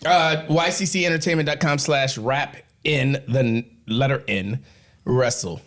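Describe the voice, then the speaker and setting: A man's voice: mid-range voice, unhurried, a bit bright. A man hosting a casual podcast, joking and profane, laughing often and winded from running back. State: winded, coughing. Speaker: podcast host.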